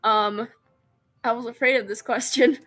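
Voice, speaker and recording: A woman's voice: a little high, steady tone, normal speed, a bit bright, soft background music. A woman streamer reading a visual novel aloud, narrating in first person and breaking off into giggly, self-mocking asides.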